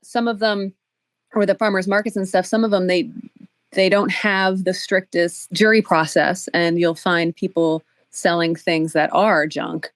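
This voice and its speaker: A woman's voice: lowish voice, fairly even intonation, a little slow, no room sound. A woman co-hosting a podcast in casual chat, giving thoughtful advice to other makers. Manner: thoughtful, gives advice with fillers and restarts. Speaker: podcast co-host.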